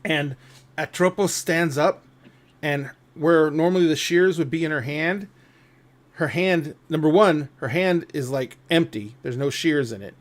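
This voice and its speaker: Guy gm narrating a tabletop game real slow, restarts a lot. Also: fairly high pitch. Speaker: game master.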